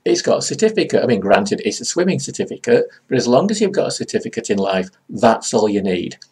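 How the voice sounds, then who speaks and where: A man voicing a weary, self-pitying Bigfoot in a grumbling, deadpan way. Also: mid-range voice, fast talker, breathy edge.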